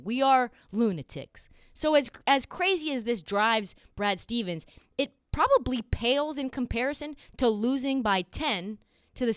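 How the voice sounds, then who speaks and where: A young woman hosting a sports podcast, talking in a casual, sarcastic and animated way. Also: on the high side, clean tone, no room sound, clean studio sound. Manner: animated, sarcastic, quick asides. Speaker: podcast host.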